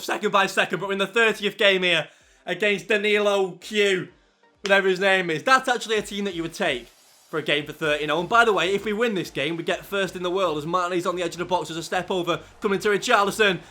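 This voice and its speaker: A man commentating his own football video game, out of breath, shouting at big moments and chatting fast in between. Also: high voice, soft background music. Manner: shouts excitedly over goals, then talks fast and loose. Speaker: gaming YouTuber. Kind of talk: excited gameplay commentary.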